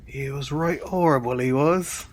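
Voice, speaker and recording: A man's voice: fairly high pitch, unhurried, a little hiss or hum, lightly acted. Put-on bloke, dazed and rambling, played by a man. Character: dazed man with a put-on rough British accent.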